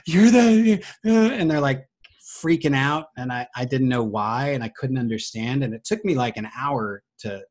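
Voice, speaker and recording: A man's voice: mid-range voice, moderate pace. A middle-aged man, a voice actor, telling a story in casual chat and acting out the quoted voices. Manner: animated, acts out quoted voices. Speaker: voice actor guest.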